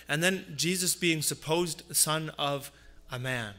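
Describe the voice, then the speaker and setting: A man preaching a Christmas sermon, earnest and repeating phrases for emphasis, dropping low on his asides. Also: unhurried, hardly any pauses, pushed and bright. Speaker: pastor.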